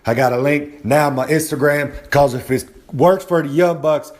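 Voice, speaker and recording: A wrestler with a regular podcast segment cuts a brash, boastful promo about himself in the third person, sore and hungover at home. He holds the phone close to his face, speaking at a moderate pace in a slightly high voice.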